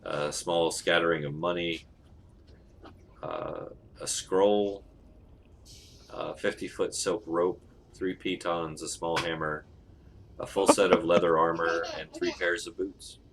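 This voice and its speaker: A man narrating as game master of a tabletop game, relaxed and laughing often, with many ums. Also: low voice, takes it slowly, heavy background noise.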